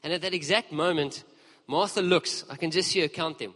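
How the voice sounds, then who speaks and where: A man's voice: a little high, brisk. Man preaching in a reverberant hall. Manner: storytelling, lively and conversational with the congregation. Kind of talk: sermon. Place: church hall. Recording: long reverb of a large hall.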